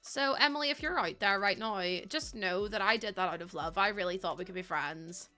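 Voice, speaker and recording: A woman's voice: mid-range voice, brisk, pushed and bright, soft background music. A young woman streaming a game, chatting casually and giggling through rambling stories. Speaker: live streamer. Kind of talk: casual chat while gaming.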